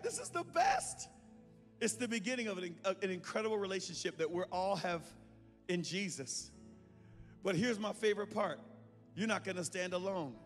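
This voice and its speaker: A man preaching an altar call to a congregation, fervent and rising to shouts, recorded live in a church. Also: high voice. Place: large church sanctuary. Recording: live in a reverberant church with music.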